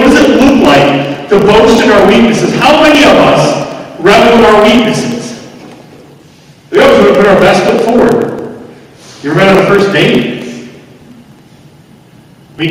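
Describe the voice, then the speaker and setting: A man's voice: sits high, lively intonation, normal speed, pauses often. Conversational man preaching in an echoey hall. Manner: conversational preaching with rhetorical questions and humor. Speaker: pastor. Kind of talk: sermon. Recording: echoey hall, distant mic.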